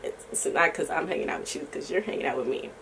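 A young woman vlogging in a casual, rambling chat to camera, slangy and profane, often laughing and sometimes breaking into soft singing. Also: low-pitched, quick pace, vocal fry, distant mic, noisy background.

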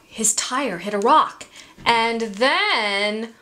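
Expressive, sing-song woman reading to children. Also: a little high, extremely slow, a little hiss or hum. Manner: expressive, sing-song, asks listeners questions. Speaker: story time reader. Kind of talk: reading a picture book aloud to children.

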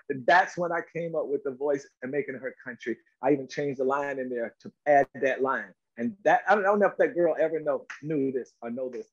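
A middle-aged male actor, a guest on a talk show, tells stories in a lively, emphatic way and acts out quotes. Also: medium pitch, fairly quick, hardly any pauses. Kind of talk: animated interview storytelling. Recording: slightly dull lo-fi audio.

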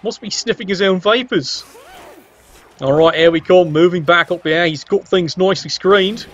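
A man's voice: a little high, moderate pace, highs cut off. A man doing casual, wry play-by-play commentary on a game stream, teasing the players with exclamations.

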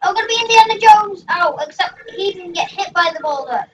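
Very high-voiced excitable young gamer. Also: fairly quick, a little hiss or hum. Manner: rambling, excitable, shrieks at game events. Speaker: gaming channel host. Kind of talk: let's play commentary. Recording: dull, distant mic with faint music.

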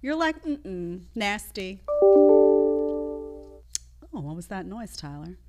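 A woman's voice: on the low side, big pitch swings, fairly quick, loud music behind the voice. A woman hosting a live show, reacting to clips in an emphatic, opinionated way and talking straight to her chat.

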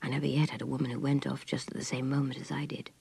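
A man's voice: medium pitch, flat delivery, quick pace, gravelly, darkish tone, husky, voice pushed down, full character voice. A woman voicing a blunt, sulky male lover. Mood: resentful. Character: restless self-absorbed young man, lover.

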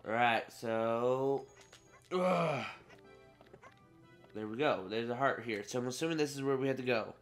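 A man's voice: medium pitch, measured pace, long pauses. A teenage boy giving casual let's play commentary, talking to his viewers, getting frustrated and swearing. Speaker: gaming channel host. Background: game music.

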